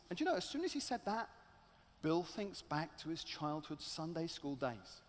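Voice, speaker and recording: A man preaching a sermon as a dramatic, animated storyteller. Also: sits high, moderate pace. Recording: echoey large hall.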